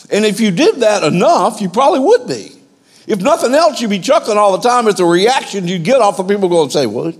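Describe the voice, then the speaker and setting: A man preaching an informal sermon, conversational and animated, with stammering restarts. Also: sits high, a little fast. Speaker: pastor.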